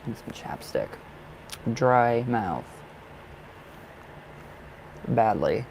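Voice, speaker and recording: A man giving tarot readings on a live stream in a casual, effusive way, chatting warmly to viewers by name and laughing often. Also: lowish voice, sing-song, very slow, creaky, slight background noise, poor audio. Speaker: tarot reader.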